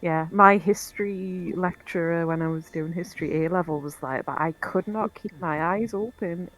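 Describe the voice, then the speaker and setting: A woman playing a tabletop game, laughing often and chiming in quickly. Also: fairly low pitch, poor audio. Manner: laughing, quick agreeing interjections. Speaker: player. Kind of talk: casual tabletop game chat.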